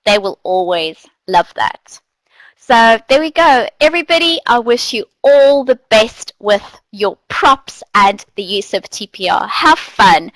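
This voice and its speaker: Slow, playful woman teacher trainer. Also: a little high, no room sound, rough recording. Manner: animated, demonstrative, playful voice changes. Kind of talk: online teacher training talk.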